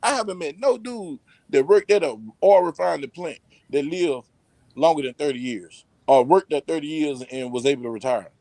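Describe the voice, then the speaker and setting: A man's voice: fairly high pitch, normal speed, gravelly, no echo. A man hosting a casual podcast chat, telling stories in a loose, rambling, profane way. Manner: animated, profane storytelling; loose, rambling delivery with restarts. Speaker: podcast host.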